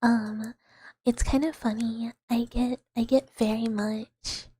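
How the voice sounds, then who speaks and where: Lady streamer whispering asmr chat, super breathy, kinda high, dry close mic sound. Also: level tone, takes it slowly, dry recording. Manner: soft whispering, rambling with fillers and giggles. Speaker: VTuber streamer.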